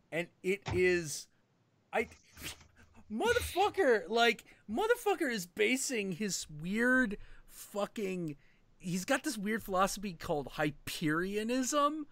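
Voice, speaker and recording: A man's voice: high voice, slow pace. A man hosting a livestream, chatting casually and swearing often. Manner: animated, swears often, bursts into shouted impressions. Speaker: stream host.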